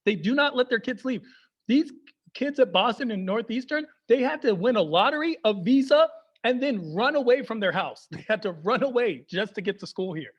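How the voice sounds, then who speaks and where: A man doing stand-up comedy, animated and mixing in Persian phrases. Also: very high-pitched, normal speed, lo-fi sound.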